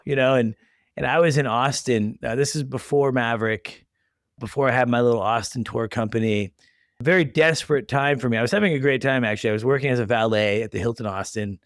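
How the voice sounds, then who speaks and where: A man's voice: medium pitch, fairly quick, dry recording, studio quality. A man in his thirties hosting a podcast, telling stories in a chatty way and acting out the quotes. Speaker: podcast host. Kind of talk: casual interview chat.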